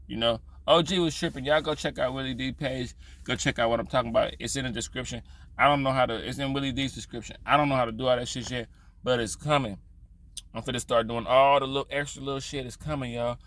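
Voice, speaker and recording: Bright-voiced man telling a rambling story. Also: medium pitch. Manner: loose, profane, rambling with restarts. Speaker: vlogger. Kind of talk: casual storytelling commentary.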